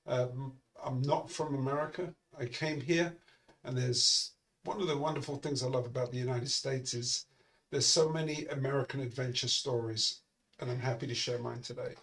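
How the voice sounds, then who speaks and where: A man's voice: medium pitch, fairly even intonation, moderate pace, fairly bright tone. A man in his sixties from London with an English accent, a podcast guest telling his story with dry, self-deprecating humor. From London, England. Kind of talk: casual interview.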